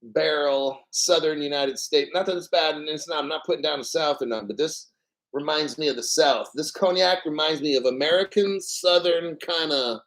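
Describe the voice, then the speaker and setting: A man hosting a casual livestream, rambling and profane and clearing his throat often. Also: fairly high pitch, normal speed, a bit bright, rough recording. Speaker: crypto livestream host.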